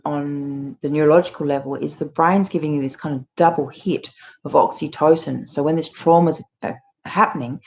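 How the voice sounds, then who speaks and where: Speaking in a low voice with a darkish tone, this channel host addresses the camera about abuse. Her explanation is earnest and full of fillers, captured in muffled, lo-fi sound.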